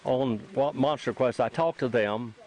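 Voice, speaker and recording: A man's voice: mid-range voice, measured pace, a little mellow, poor audio. An older man hosting a casual outdoor chat, telling a rambling story and repeating himself as he acts out what people said. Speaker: host and sighting witness. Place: outdoors near a trailhead.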